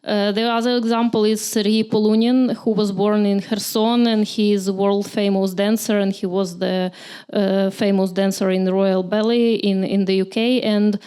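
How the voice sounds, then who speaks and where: Hesitant woman asking a question, smooth voice. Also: mid-range voice, dark tone. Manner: hesitant, searching for words. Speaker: audience member asking a question. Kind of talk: audience question.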